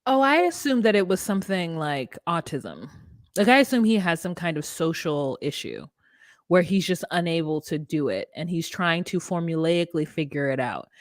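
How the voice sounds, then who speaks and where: A woman's voice: on the low side, expressive, no room sound, clean studio sound. A woman co-hosting a podcast, recapping a reality show in casual chat and acting out the people she quotes. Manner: fast, acts out quotes with put-on voices. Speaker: podcast co-host.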